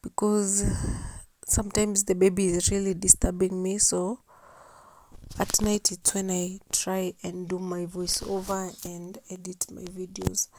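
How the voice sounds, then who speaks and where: A young woman recording a relaxed, sleepy voiceover for her home cleaning video, soft-spoken and slipping into whispers now and then. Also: lowish voice, unhurried, slight background noise. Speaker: vlogger doing a cleaning voiceover. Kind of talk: casual voiceover narration.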